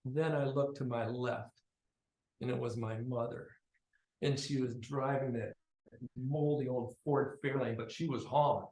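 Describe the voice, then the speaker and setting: A man's voice: medium pitch, measured pace. Man telling a story in a roomy echo. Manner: conversational, animated, swings between loud and quiet. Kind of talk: personal storytelling.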